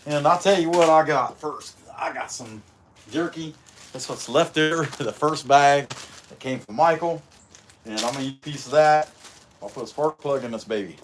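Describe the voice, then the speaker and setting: Chewing while he tinkers with a chainsaw in his shop, this middle-aged man chats casually with his live-stream audience in a homespun, wandering way. He carves with chainsaws, and his voice runs slightly high at a moderate pace over light background noise.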